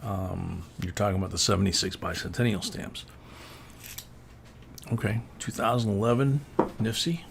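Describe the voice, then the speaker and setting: A man's voice: on the low side, steady tone, moderate pace, vocal fry, pauses often, slight background noise. A man hosting a casual coin-hunting livestream, chatting and answering viewer comments as he sorts coins. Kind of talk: casual live-stream chat.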